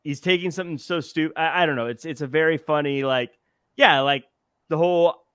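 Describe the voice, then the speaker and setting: A man's voice: fairly high pitch, brisk, a bit bright, clear, resonant tone, dry recording, studio quality. A man hosting a casual movie review chat, recapping scenes with hesitant restarts. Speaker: podcast host.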